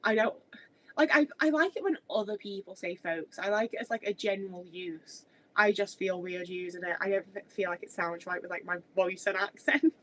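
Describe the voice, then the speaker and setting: A woman's voice: mid-range voice, fairly quick, a bit bright, rough recording. A woman, chatting casually on a livestream in a rambling way with many filler words. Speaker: streamer.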